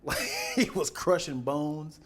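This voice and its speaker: A man's voice: on the high side, takes it slowly. A man co-hosting a podcast, chatting casually and acting out quotes in put-on voices. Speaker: podcast co-host. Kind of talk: casual chat.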